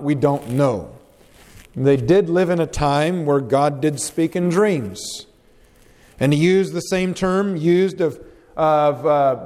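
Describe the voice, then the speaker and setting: Slow, lively-voiced preacher in a reverberant hall. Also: male voice, fairly high pitch. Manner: slow, deliberate, dramatic pauses when reading scripture. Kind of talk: sermon with scripture reading. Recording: long reverb of a large hall.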